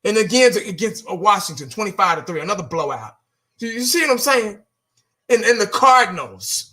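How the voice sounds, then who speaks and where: A man's voice: high-pitched, very animated, normal speed, pushed and bright. A man giving a casual, blunt fan rant, exasperated, repeating himself and cursing now and then. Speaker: fan vlogger.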